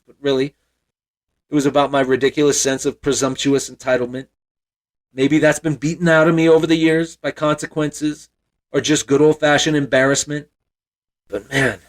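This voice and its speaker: A man in his forties from Montana, telling a personal story as a podcast host in a reflective, wry, self-deprecating way. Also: mid-range voice.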